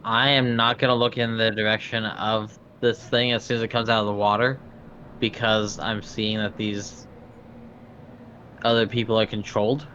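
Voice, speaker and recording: A man playing a tabletop game, deliberately explaining what his character does. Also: lowish voice, flat delivery, bright, forceful tone, slight background noise. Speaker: player. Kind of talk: casual tabletop play. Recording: dull lo-fi audio.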